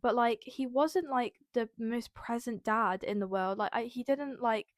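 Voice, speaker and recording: A woman's voice: on the high side, unhurried, no room sound, clean studio sound. A young woman, hosting a casual personal podcast, rambling with many fillers and near tears. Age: young adult. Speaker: podcast host.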